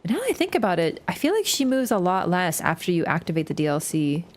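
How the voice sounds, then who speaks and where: Excitable swearing woman streamer. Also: on the low side, fast, a little hiss or hum. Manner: excitable, swears freely, bursts into laughter. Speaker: game streamer. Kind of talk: casual live-stream commentary while playing.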